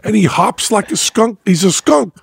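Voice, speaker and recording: Gravelly husky guy on a podcast, cracking jokes, slow, bouncy voice. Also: sits high, animated. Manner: jokey, laughs often, mock French accent. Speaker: podcast host. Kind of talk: casual chat.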